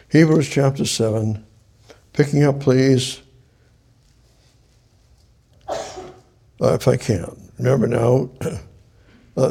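Male preacher, Bible study teaching; gravelly, husky, halting delivery with frequent restarts. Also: medium pitch, dark tone. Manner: halting, repeats and restarts phrases.

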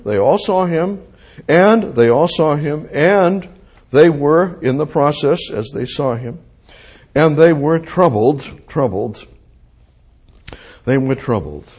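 Slow, lively, husky male preacher. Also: mid-range voice. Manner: lively, swings from hushed to loud, repeats phrases. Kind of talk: sermon.

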